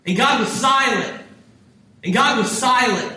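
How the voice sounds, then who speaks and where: A man's voice: extremely high pitch, measured pace, bright, forceful tone. An American man preaching a sermon, impassioned, acting out prayers and God's reply. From United States. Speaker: pastor. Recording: echoey hall, mic from a distance.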